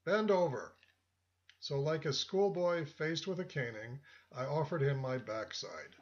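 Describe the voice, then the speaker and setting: A man reading a first-person story as narrator, in a measured, reflective way. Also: on the high side. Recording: dull lo-fi audio.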